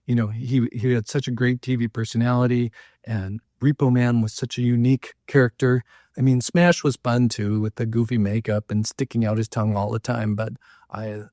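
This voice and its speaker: A man's voice: medium pitch, darkish tone, no echo, studio quality. A man hosting a local history podcast, telling stories in a chatty, loose way with lots of fillers and asides. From Minnesota, US. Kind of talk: casual storytelling talk.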